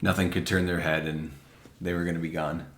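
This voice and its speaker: A man hosting a podcast, asking questions in a relaxed, casual way. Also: sits low, brisk. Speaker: podcast host. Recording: roomy echo.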